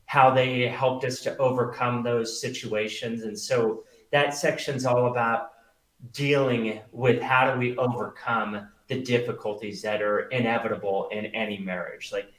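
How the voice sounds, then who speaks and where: A man's voice: mid-range voice, fairly even intonation, measured pace, fairly bright tone. A middle-aged man, a magician and pastor, talking earnestly as a guest and telling stories with many fillers. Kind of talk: conversational interview. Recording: roomy echo.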